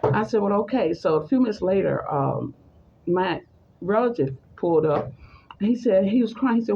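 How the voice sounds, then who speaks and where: Gravelly-voiced woman telling a story. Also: on the low side, normal speed, highs cut off, a little hiss or hum. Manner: animated, acts out the voices in her story. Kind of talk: personal story told in conversation.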